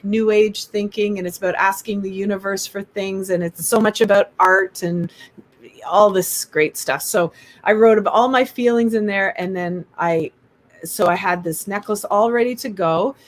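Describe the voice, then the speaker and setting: A woman guest on an interview show, telling a personal story in casual chat and acting out the voices of the people in it. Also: medium pitch. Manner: animated, acts out quoted voices.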